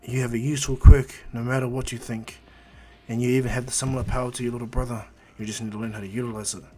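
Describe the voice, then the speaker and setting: A man voicing a calm, confident young male hero in a fan story, talking in his own plain voice with many fillers. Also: medium pitch, quick pace, soft background music, close to an everyday voice. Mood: earnest.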